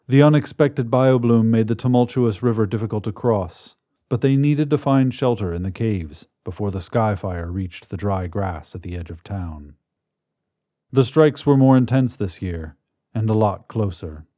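A man narrating a science fiction story in a measured, dramatic manner. His voice is low and mellow, recorded close and dry with no room around it. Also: dry recording. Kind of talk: scripted narration.

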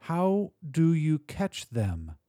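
Male narrator voicing a suspicious wife, clipped and hard-edged, a bit higher than his own voice, slow and pointed. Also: wildly swooping pitch, dark tone, dry recording, clean studio sound, full character voice. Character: skeptical sharp-tongued suburban wife.

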